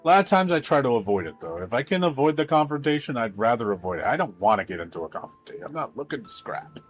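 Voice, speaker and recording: A man's voice: mid-range voice, very animated, quick pace, faint music behind. A man streaming live, chatting casually and rambling bluntly about how he handles people, with plenty of swearing. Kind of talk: casual livestream chat.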